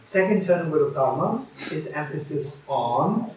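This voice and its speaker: A man's voice: on the high side, animated, normal speed, very echoey, distant mic, slight background noise, low-quality recording. A man giving a Buddhist teaching at a retreat, repeating key phrases and restarting often.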